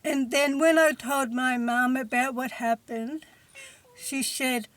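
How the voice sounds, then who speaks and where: A woman's voice: high-pitched, steady tone, slow pace, a bit bright, no room sound. A woman telling a storytime vlog in a chatty, rambling way, often saying "I mean". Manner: chatty, rambling, fills with "I mean" and "you see what I mean". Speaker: vlogger.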